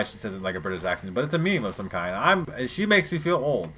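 Guy playing a video game and talking the whole time, lowish voice, swears a lot, chatty asides, faint hiss behind. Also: very animated, quick pace, sharp tone. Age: adult parent. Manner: rambling, profane, chatty asides to viewers. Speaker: let's play gamer. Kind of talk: casual gameplay commentary.

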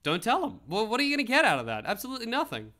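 A man's voice: high voice, wildly swooping pitch, racing, sharp tone. A man hosting a live stream, giving comedic commentary with mock outrage, laughter and casual swearing. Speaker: livestream host.

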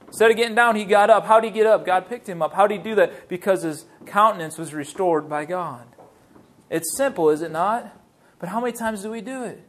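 High-voiced man preaching a lively sermon. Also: a little fast. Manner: lively preaching with rhetorical questions to the congregation. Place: church sanctuary.

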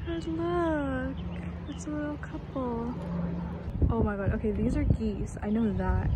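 A young woman chatting excitedly as she vlogs a walk along a lakeside park trail, speaking into a handheld phone. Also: fairly high pitch, a little slow. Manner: excitable, chatty, exclaims often. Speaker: vlogger. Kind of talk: casual vlog narration. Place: outdoor park trail by a lake. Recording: loud outdoor noise behind.

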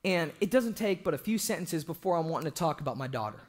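Young male evangelist, high voice with big swings, joking, shouting for emphasis. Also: fast. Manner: animated, joking, bursts into shouting. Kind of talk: sermon. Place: church.

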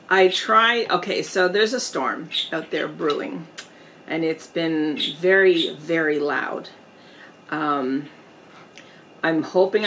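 Slow-talking woman chatting while she eats. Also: on the low side, creaky, a bit bright, slight background noise, low-quality recording. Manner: slow, chatty, pauses to eat and savor. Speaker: mukbang vlogger. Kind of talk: casual eating vlog chat. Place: indoors at home, storm outside.

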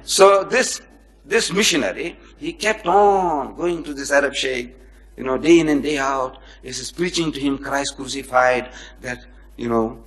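This man speaks in a mid-range voice at a measured pace, giving a public lecture on comparative religion. An animated storyteller, he acts out the people in his anecdotes and both jokes with and chides the live audience.

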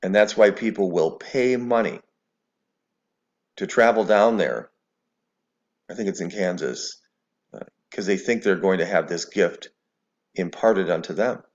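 A man's voice: deep voice, measured pace, pauses often, muffled recording. A man giving scornful, preachy religious commentary to the camera, mixing scripture with sarcasm. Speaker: video commentator.

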